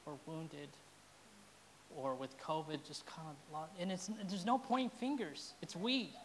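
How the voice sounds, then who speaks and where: A woman's voice: low-pitched, unhurried. A woman pastor preaching a sermon in an earnest, heartfelt way, at times openly emotional.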